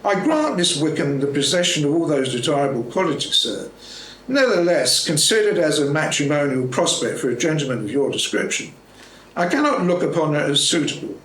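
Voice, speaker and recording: A man's voice: fairly high pitch, big pitch swings, fairly quick, a bit bright, roomy sound, a little hiss or hum, rough recording. A man reading aloud, voicing a composed, deferential manservant who speaks formally in a comic story.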